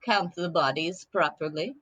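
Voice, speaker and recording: A woman's voice: on the low side, normal speed, a bit bright, slight background noise, natural voice. A woman voicing a composed fish-creature woman in human skin, speaking in stiff, overly polite phrases with a Russian accent. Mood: calm. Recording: dull, dry lo-fi mic.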